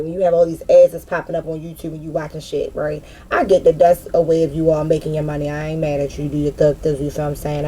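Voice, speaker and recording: A woman gives a casual spiritual card reading, loose, profane and full of slang. Her voice sits a little low and sounds warm and mellow. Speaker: tarot reader.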